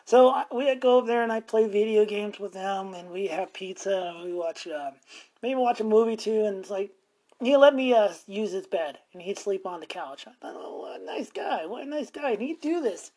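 A man's voice: high-pitched, normal speed, darkish tone. A middle-aged man hosting a podcast, telling stories in a rambling, profane way and chuckling often. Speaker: podcast host. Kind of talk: casual storytelling monologue.

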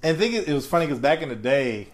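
Man, 40s, lively storyteller on a casual chat podcast; slightly raised pitch, swinging intonation. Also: racing. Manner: animated storyteller, acts out voices of others. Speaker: podcast co-host.

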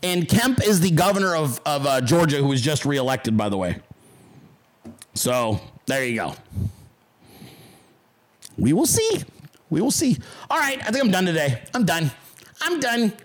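An adult man hosts a casual livestream podcast, speaking bluntly, combatively, and with plenty of swearing while mocking his critics and callers in put-on voices. His voice is a bit high with big pitch swings, at a moderate pace.

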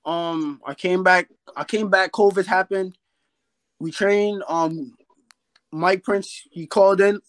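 A man's voice: sits high, takes it slowly, no echo, poor audio. A young man from New York, a boxer guest talking casually and rambling with fillers about his fights. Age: young adult. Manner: relaxed, rambling, fillers like "you feel me". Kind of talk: casual interview chat.

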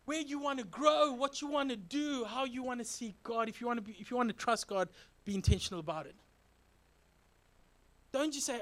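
A man's voice: very high voice, normal speed. A male pastor giving a sermon in a conversational, earnest way, urging the listeners with repeated calls to act. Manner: animated, joking storytelling with sound effects.

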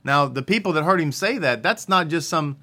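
A man's voice: a little high, lively intonation, fairly quick, sharp tone. A man giving a religious teaching in a conversational way, often asking questions and then answering them himself. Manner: conversational, asks and answers his own questions.

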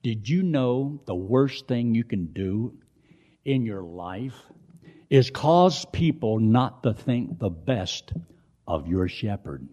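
An older man preaching a sermon, folksy and asking his listeners questions, moving from quiet storytelling to loud emphasis. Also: fairly low pitch, big pitch swings, slow pace. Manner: folksy, asks the congregation questions.

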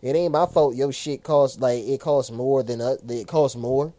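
A man's voice: mid-range voice, fairly even intonation, normal speed, dark tone, no room sound. A man in his twenties co-hosting a casual chat, rambling, swearing and laughing a lot. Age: 20s. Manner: rambling, profane, laughs often. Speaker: podcast co-host.

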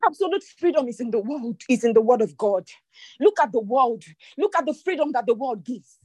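A woman preacher delivering an impassioned sermon, repeating lines for emphasis and dropping into low, slow prayer. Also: expressive, a little mellow, breathy edge, no room sound. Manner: speaks in tongues during prayer.

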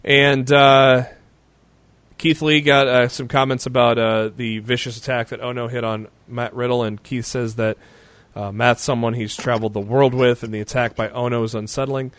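A man recaps the week's news in a loose, casual podcast style, with a voice of ordinary middle pitch. He rambles, restarts sentences and leans on fillers as he goes. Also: flat delivery, moderate pace, fairly bright tone, dry recording. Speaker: podcast co-host.

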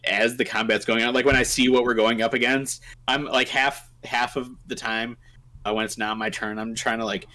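A man co-hosting a casual tabletop game podcast, relaxed and joking, with many fillers. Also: medium pitch, normal speed. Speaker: podcast co-host. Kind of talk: casual chat about tabletop game spells.

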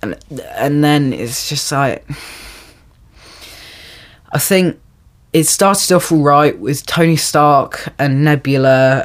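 A young adult hosting a solo podcast, ranting in exasperation with many restarts and sudden high-pitched jumps when mocking. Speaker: podcast host. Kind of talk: solo film-review rant.

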